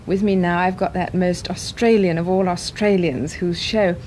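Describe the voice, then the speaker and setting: Female TV interviewer, formal polite questions, faint rumble. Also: fairly even intonation, moderate pace, darkish tone. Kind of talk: vintage broadcast interview.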